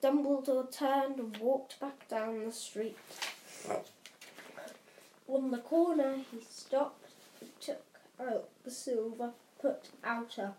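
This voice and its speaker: A woman's voice: high voice, steady tone, mellow. A woman reading a children's story aloud at home, with occasional slips. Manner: slow, unhurried, occasional slips. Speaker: audiobook reader. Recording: roomy echo, faint hiss.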